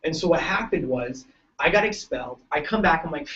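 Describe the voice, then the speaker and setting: A man's voice: on the high side, lively intonation, fairly quick, fairly bright tone, far from the mic, highs cut off. A man giving a joking, story-filled motivational talk to students at a large event. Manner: joking, tells stories, laughs often. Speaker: keynote speaker.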